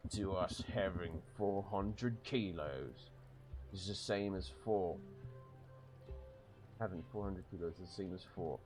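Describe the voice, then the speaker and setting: Man doing a huge gruff alien worker, low, slow drawl, put-on Irish-Australian accent. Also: darkish tone, soft background music, rough recording. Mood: scornful. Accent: put-on mix of Irish and Australian. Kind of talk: reading game dialogue aloud in voices.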